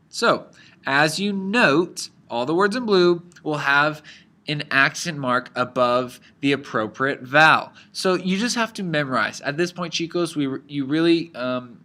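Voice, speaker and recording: Guy teaching spanish off slides, talks real slow, bright voice, lots of ums. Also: a little high. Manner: explains slowly, switching between English and Spanish examples, many fillers. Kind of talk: slide-based language lesson.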